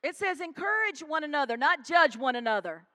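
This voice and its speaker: High, bright-voiced woman preaching. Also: brisk. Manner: animated preaching, calls out to the congregation. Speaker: pastor. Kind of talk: sermon. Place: church sanctuary.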